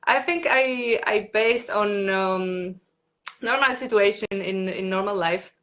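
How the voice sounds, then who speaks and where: A young adult woman from Poland, a stand-up comedian, speaking English with a Polish accent in a halting, laughing, casual interview manner. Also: mid-range voice, fairly bright tone. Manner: halting non-native English, laughs often.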